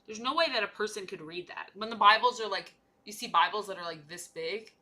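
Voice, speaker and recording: A woman's voice: medium pitch, brisk, bright, forceful tone. A young woman chatting casually and playfully while she paints miniatures on a livestream, rambling from one joke to the next.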